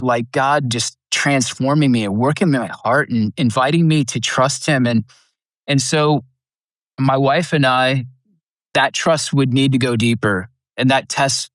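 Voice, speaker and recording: A man's voice: medium pitch, moderate pace, dry recording, studio quality. A middle-aged man, a podcast guest, earnestly telling a personal testimony and acting out the people he quotes. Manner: earnest storyteller, acts out quoted lines. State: emotional, near tears at times.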